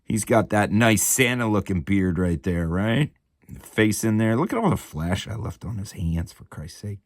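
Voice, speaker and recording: A man's voice: on the low side, lively intonation, moderate pace, no room sound, studio quality. A man in his forties giving a casual, chatty show-and-tell from his home hobby room, laid-back and swearing freely. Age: 40s. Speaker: miniature hobby channel host.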